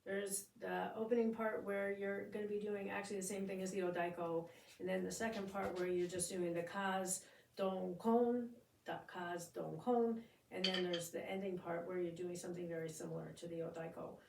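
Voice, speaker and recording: A woman's voice: lowish voice, flat delivery, fairly quick, creaky, distant mic, a little hiss or hum. A woman teaching a drum part, explaining each section and chanting the drum syllables and counts aloud. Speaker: drumming instructor. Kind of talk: step-by-step music lesson. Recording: echoey room, voice off-mic.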